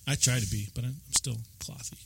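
A man's voice: mid-range voice, steady tone, a little fast, gravelly, a little hiss or hum, rough recording. A man hosting a podcast, chatting casually with guests and laughing often. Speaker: podcast host. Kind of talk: casual chat.

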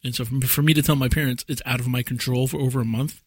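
A man with a slightly husky, mid-pitched voice chats casually on a podcast, rambling through stories and laughing often. He is recorded close and dry, with no room sound. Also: fairly even intonation, quick pace, no echo. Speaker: podcast co-host. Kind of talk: casual chat.

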